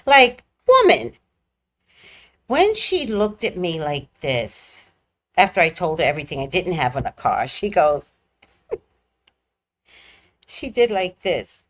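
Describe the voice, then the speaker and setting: A woman casually telling a personal story on her vlog, laughing often and swinging between squealing highs and hushed lows. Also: sing-song, takes it slowly, long pauses. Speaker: vlogger.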